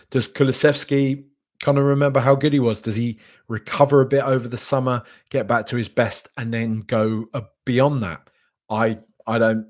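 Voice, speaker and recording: Hesitant man on a live podcast. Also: mid-range voice. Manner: casual, hesitant, many ums and restarts. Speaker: podcast host. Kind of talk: live reaction stream, reading chat.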